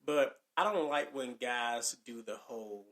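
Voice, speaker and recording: A man co-hosting a casual podcast chat, animated and quick to act out what others say. His voice bounces around an echoey room. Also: medium pitch. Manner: animated, acts out quoted lines, laughs often. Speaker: podcast co-host.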